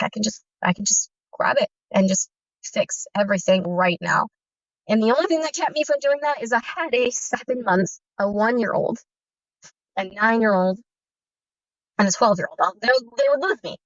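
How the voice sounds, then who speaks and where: In dull, dry lo-fi audio, a woman with a fairly high voice recounts her own frightening experience as a guest. She's in her thirties, and her first-person telling is earnest, intense, and vividly detailed.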